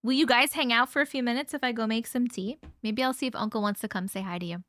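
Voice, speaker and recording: A woman hosts a casual livestream, reading viewer stories and chat aloud and swearing offhandedly as her voice grows strained and fades. She speaks fast in a slightly high, fairly bright voice, and the recording is dry.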